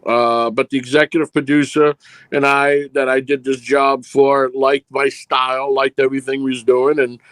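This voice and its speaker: A man's voice: mid-range voice, little pitch movement, normal speed, a bit bright, clean tone, no room sound. A middle-aged man, a film producer being interviewed, telling long rambling anecdotes and acting out the dialogue in them. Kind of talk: casual storytelling interview.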